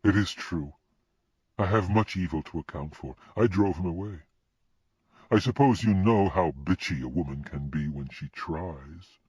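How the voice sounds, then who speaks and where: A man voicing a distraught, sharp-tongued middle-aged woman in an audiobook, speaking in a raised, emphatic voice. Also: unhurried, breathy edge, dry recording. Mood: rueful. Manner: raised pitch, emphatic and indignant. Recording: dull lo-fi recording.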